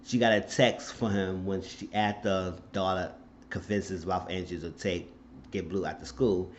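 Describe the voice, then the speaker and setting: Man, low-voiced, casual TV recap vlogger, blunt and profane, muffled lo-fi sound. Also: fairly even intonation, unhurried, a little hiss or hum. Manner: outspoken, profane, indignant.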